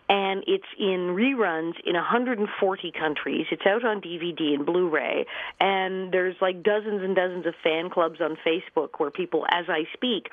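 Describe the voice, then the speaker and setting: A guest actress and comedian in her fifties tells stories during a radio interview over a phone-line call-in, with no room sound. Her voice sits on the low side, and she's a chatty storyteller who laughs often.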